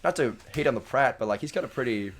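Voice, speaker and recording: A man co-hosting a podcast in casual chat, firing off quick jokey quips and laughing. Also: mid-range voice, lively intonation. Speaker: podcast co-host.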